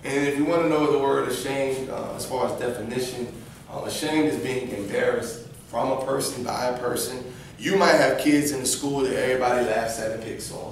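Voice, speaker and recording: A man teaching an interactive Bible lesson to a class of kids at church. He quizzes the children and acts out little scenes as he goes. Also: medium pitch. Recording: very echoey room, distant camera, faint background noise.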